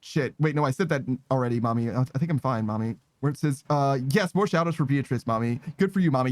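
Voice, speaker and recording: A male streamer chatting casually on a live stream, rambling through shout-outs and often laughing and swearing. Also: medium pitch, animated, fast, hardly any pauses, dry recording. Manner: keeps tacking a running joke word onto sentences, laughs and swears often.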